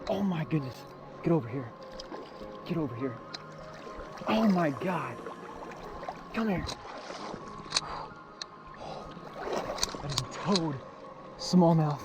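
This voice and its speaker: A man's voice: a little high, expressive, slow pace, pauses often, dull audio, music in the background. A young man from the American South, filming his own fishing vlog outdoors with a chest-mounted camera, talking casually and often repeating his exclamations. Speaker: fishing vlogger. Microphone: chest-mounted action camera.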